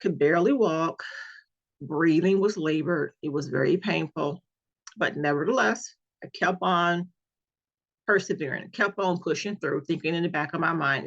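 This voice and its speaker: A woman's voice: low-pitched, normal speed, vocal fry. A woman sharing her own experience as a patient, telling it earnestly and with emphasis, often repeating key words. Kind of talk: personal storytelling. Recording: dull lo-fi recording.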